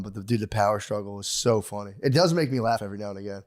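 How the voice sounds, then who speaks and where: A man's voice: fairly low pitch, animated, racing, hardly any pauses, a little mellow. A man co-hosting a comedy podcast, casual and rambling, swearing often and acting out his own quotes. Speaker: podcast co-host; comedian and dad. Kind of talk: casual chat.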